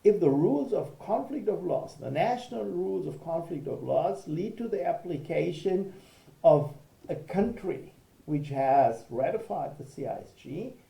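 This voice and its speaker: A man's voice: fairly high pitch, expressive, unhurried, vocal fry, warm tone, echoey room, rough recording. A man, a law professor giving a recorded video lecture, explaining step by step and checking in with "okay".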